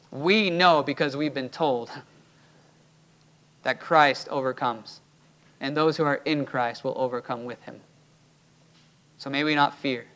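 A man's voice: on the high side, a bit bright. A man preaching a sermon from the pulpit as pastor of a church, emphatic and urging his listeners. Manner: emphatic, rising to urgent exhortation.

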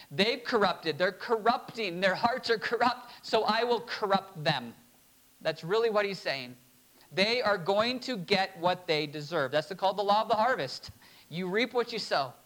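A pastor preaching a sermon, reading scripture slowly and emphatically, with short laughs between points. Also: male voice, sits high, fairly bright tone, low-quality recording.

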